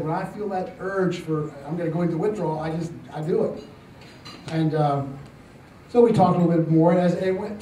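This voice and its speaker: An older man telling a story to a congregation, halting with many fillers and restarts and a gently amused tone. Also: high-pitched, far from the mic, slight background noise. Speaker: church speaker telling a testimony. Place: church hall. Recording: roomy church recording from off-mic with faint ambience.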